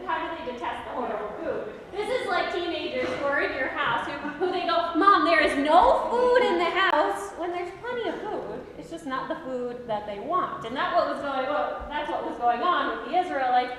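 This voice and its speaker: A woman pastor telling a Bible story in an animated sermon, acting out the voices of its people. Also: high-pitched, brisk, hardly any pauses. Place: large church sanctuary. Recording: echoey hall from far off.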